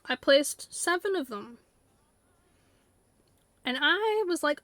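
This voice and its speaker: A woman's voice: sits high, lively intonation, slow pace, a bit bright, no room sound. A woman streamer chatting casually while playing, rambling with lots of fillers and breaking into silly voices. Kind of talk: casual chat while live-streaming a game. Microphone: desktop USB mic.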